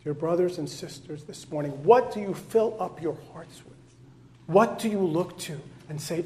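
A man preaching a sermon to his congregation, building loud, rising lists of titles and then dropping to soft, low lines. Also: moderate pace, a little hiss or hum. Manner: impassioned, swinging between soft low passages and loud rising repetitions. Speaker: pastor.

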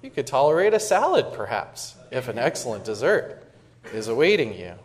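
A man's voice: mid-range voice, sing-song, moderate pace. A man preaching a sermon in a casual, conversational way, often repeating words as he restarts. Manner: conversational, self-interrupting with repeated words and fillers; dramatic recitation of quoted verse. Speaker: pastor.

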